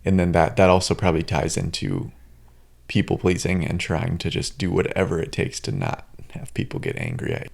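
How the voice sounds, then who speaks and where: A man hosting a podcast, relaxed and thoughtful as he recounts a story in casual chat. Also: sits low, normal speed, vocal fry. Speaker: podcast host.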